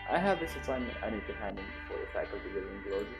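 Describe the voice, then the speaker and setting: A young man streaming a visual novel, reading its text aloud and reacting to it in an animated way. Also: rapid-fire, low-quality recording. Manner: animated, voices the dialogue lines higher and louder. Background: guitar music.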